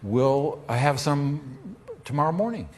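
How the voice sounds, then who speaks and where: A man's voice: on the high side, animated, slow pace, pitched above the performer's own voice. A grocery clerk, polite and patient with a difficult customer, as a man acts him out in a joke. He is worn down by the same question and finally lets it all out. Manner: polite, then exasperated. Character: patient male grocery clerk who snaps at last.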